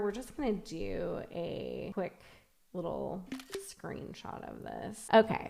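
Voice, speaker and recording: Chatty woman walking through software. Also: mid-range voice, gravelly. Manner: chatty, upbeat, thinking aloud while clicking. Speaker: tech reviewer. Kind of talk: screen-recorded software tutorial.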